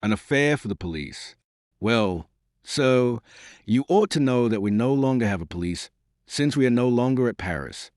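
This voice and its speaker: A man reading the lines of a haughty, disdainful queen in an audiobook, in a lively voice. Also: mid-range voice, normal speed, no room sound, clean studio sound, close to an everyday voice. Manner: disdainful, imperious. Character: haughty proud queen, a grown woman.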